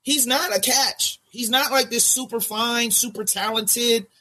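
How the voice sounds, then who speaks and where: Loud, bright, husky-voiced man joking. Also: very high voice, measured pace. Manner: loud, animated, joking, breaks into improvised silly songs. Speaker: podcast co-host. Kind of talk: casual reality-TV recap chat.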